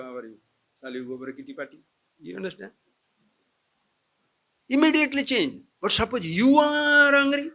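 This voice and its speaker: Man, swami teaching a spiritual camp, humorous, acting out examples, fairly high voice. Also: husky. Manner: animated, humorous, acts out quotes, addresses listeners as friends. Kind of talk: spiritual discourse to a camp audience.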